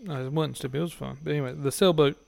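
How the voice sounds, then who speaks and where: A man's voice: on the high side, fairly even intonation, very fast, gravelly, a little mellow, slight background noise. A man, a podcast guest, telling crude stories in casual chat and often laughing as he talks.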